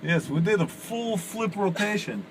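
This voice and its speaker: A man putting on a loud, dazed Russian-accented driver. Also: sits high, a little slow, voice pushed up. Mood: dazed, upbeat. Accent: Russian (put on). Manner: loud, excited exclamations. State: dazed, just concussed. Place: inside a car after a crash. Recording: noisy in-car camera footage.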